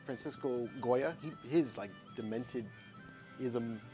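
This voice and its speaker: A man's voice: mid-range voice, slow, over music. A man talking as a guest on a casual podcast, easygoing and modest, often repeating his words.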